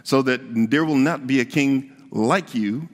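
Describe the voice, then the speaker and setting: A man's voice: medium pitch, a little slow, big-room sound. A man preaching a conversational sermon as pastor, repeating his key points for emphasis.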